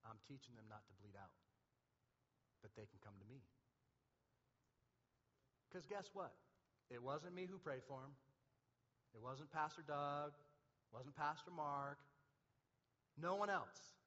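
A man preaching a sermon, impassioned, swinging from loud to soft. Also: a little high, lively intonation, slow pace, long pauses. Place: church hall. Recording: dull, echoing hall.

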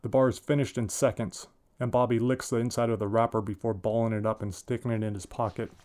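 Author in his forties, reads his own story plainly, mid-pitched. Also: steady tone, quick pace, a little mellow. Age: 40s. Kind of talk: story reading.

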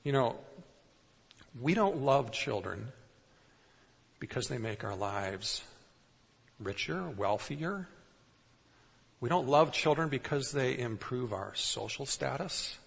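A man's voice: mid-range voice, expressive, slow, gravelly, pauses often, slightly rough. A man pastor delivering a conversational sermon, putting rhetorical questions to the congregation. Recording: long reverb in a large hall.

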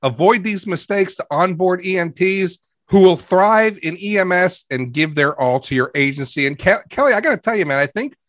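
Brief: male podcast co-host, upbeat and emphatic, slightly high voice, dry close sound. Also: animated, normal speed, hardly any pauses, fairly bright tone, no room sound. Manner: upbeat, emphatic, repeats phrases. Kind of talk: casual podcast talk.

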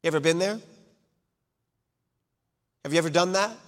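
A man preaching a sermon, swinging from loud declarations to hushed asides and acting out the quoted lines. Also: a little high, moderate pace. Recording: long hall reverb.

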